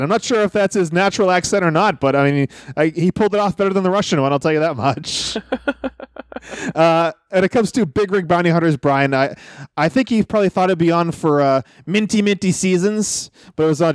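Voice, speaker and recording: Animated high-voiced male co-host. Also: no room sound, studio quality. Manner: amused, laughs often. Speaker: podcast co-host. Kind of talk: casual chat.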